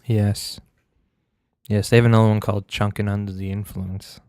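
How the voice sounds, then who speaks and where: A man with a low, smooth voice, co-hosting a casual podcast. He swears freely and teases his co-host. The recording is dry and close-miked. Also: flat delivery, normal speed, darkish tone, no echo. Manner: crude, teasing banter. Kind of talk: casual chat.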